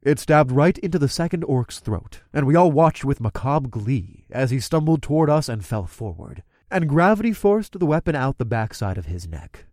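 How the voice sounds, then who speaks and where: A man's voice: medium pitch, sing-song, moderate pace, few pauses, a little mellow, no room sound, clean studio sound. A man giving wry, first-person audiobook narration.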